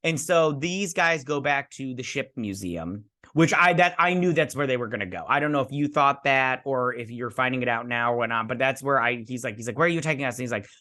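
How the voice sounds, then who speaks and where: Man, show host, bright voice, gushing fan energy, rambling recap full of fillers. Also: medium pitch, fairly quick, few pauses. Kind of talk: excited episode recap.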